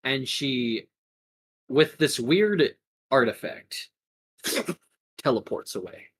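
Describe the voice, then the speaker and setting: Give me a very low-voiced woman as game master, husky and lively in pitch. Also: slow pace. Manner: casual, animated storytelling. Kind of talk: narrating a tabletop game.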